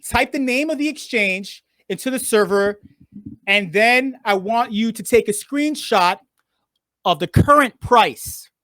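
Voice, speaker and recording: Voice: medium pitch, a bit bright, no room sound, clean studio sound. A game show host running a live online contest, playful and teasing, swearing freely and stalling by drawing words out.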